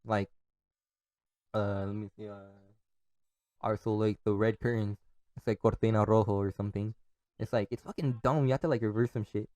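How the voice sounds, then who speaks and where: A young man with a lowish, mellow voice rambles through a solo podcast, swearing freely and breaking into laughs. The sound is dry and close, with no room around it. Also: steady tone, normal speed, pauses often, dry recording. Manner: profane, laughs often, restarts and trails off. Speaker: podcast host. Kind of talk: casual rambling monologue.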